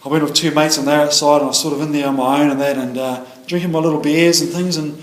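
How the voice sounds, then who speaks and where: In an echoey meeting room, a middle-aged man with a New Zealand accent gives a personal recovery share as an AA speaker. He rambles, using lots of fillers and starting over often. His voice sits on the high side, his intonation stays fairly even, and he talks fast.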